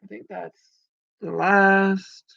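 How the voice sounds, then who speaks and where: Slow-talking bright-voiced man making predictions. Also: high-pitched, little pitch movement, vocal fry, no echo. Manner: rambling, swears casually, many fillers. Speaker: wrestling commentator. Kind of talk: casual predictions vlog. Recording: muffled lo-fi dry recording.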